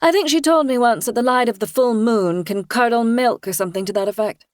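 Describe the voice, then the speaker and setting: A woman voicing a haughty, wealthy older mother-in-law who talks in a brisk, condescending way. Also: fairly high pitch, dry recording, studio quality, pitched above the performer's own voice, natural voice.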